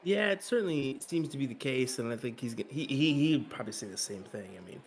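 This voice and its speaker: Male darts co-commentator, Kansas accent, relaxed and steady. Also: medium pitch, a little fast, a little hiss or hum. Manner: easygoing, steady, with filler words. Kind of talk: live sports commentary.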